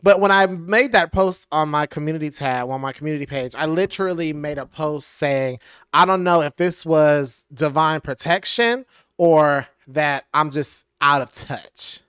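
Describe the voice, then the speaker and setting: A young man chats his way through a rambling storytime, animated and full of fillers. His voice sits a little high and comes across smooth and clear. The sound is dry, with little room echo. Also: normal speed. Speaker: tarot reader and channel host. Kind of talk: casual storytime chat. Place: home room, sitting on the floor. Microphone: device mic at a distance, no clip-on mic.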